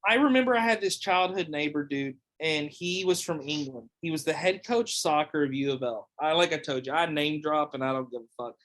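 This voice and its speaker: On a podcast, a young man chats casually, rambling with plenty of fillers and swearing; he could be the host or a guest. His voice is a little high and a bit bright, and he talks a little fast with few pauses.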